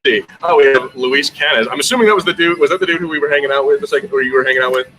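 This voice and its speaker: A man's voice: a little high, very fast, sharp tone, poor audio. A man hosting a pop culture podcast in casual chat, joking and teasing his guest and swearing freely. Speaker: podcast host.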